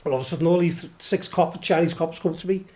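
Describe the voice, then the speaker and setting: A middle-aged Scouse man from Liverpool races through rambling stories as a podcast guest, swearing and laughing in casual anecdotal chat. His voice is on the high side with a darkish tone.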